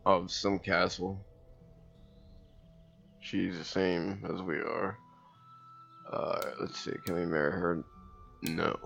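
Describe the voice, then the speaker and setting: Deep gravelly man, laid-back game commentary. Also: a bit bright, dull audio. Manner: laid-back, thinks aloud, reads game text. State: hiccuping. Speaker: gameplay commentator. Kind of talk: casual let's-play commentary.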